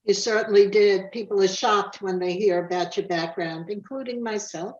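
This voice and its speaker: An older woman from the USA gently prompting her sister with questions over a video call. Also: medium pitch, steady tone, moderate pace. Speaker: interviewer. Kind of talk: conversational questioning. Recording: dull video call audio.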